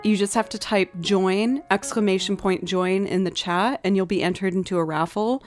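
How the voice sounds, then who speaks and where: With faint music behind her, this woman speaks at normal speed in a steady, mid-range, slightly mellow voice. She's a musician in her thirties chatting casually on her live stream at her home desk, full of stories and frequent giggles.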